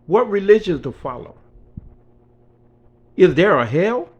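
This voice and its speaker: A man's voice: high-pitched, sing-song, measured pace, a little mellow, husky, dull audio. A man in his sixties, an author, telling a spiritual story in an earnest, conversational way. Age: 60s.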